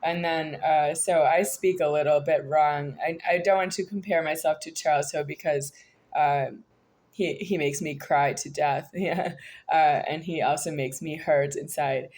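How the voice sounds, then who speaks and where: Low-pitched woman from the us, rambling vlog talk, lots of uhs and stops. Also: steady tone, darkish tone. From United States. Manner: halting, disjointed, many hesitations. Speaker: vlogger. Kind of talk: rambling monologue to camera.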